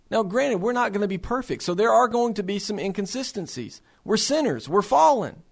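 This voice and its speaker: A man's voice: sits high, expressive, a little fast, gravelly, few pauses. A man speaking earnestly to fellow believers for a faith-based resource center. He talks with passion, asks rhetorical questions and often repeats words as he starts a phrase.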